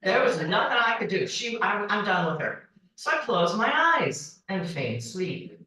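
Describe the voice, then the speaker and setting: A woman in her forties tells a funny personal story to a banquet crowd, with a lot of rise and fall in her voice and a bright tone. She speaks slowly and puts on high voices for the people she quotes. The sound is roomy, as if picked up from a distance in a large hall. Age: 40s. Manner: animated, acts out dialogue with high-pitched quoted voices. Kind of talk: humorous personal storytelling speech. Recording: echoey hall, voice from far off.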